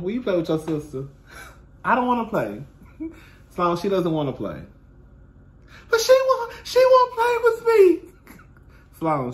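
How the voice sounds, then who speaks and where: A man in his thirties telling casual stories straight to his viewers in a sassy, expressive way, calling them "girl" and "honey" and swearing freely. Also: on the high side. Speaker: host of his own talk stream.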